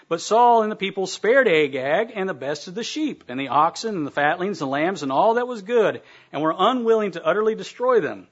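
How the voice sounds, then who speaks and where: A man's voice: on the high side, fairly bright tone, lo-fi sound. A man preaching a sermon, reading Bible verses aloud and breaking off to talk directly to his listeners. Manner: reads verses aloud with emphatic asides to the congregation.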